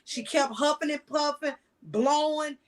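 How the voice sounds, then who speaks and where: A woman recounting her own past in blunt, everyday talk, cussing freely and restarting sentences. Her voice sits a little high for a woman. She speaks as a guest in a casual conversation. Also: a little slow, rough recording. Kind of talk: candid personal storytelling.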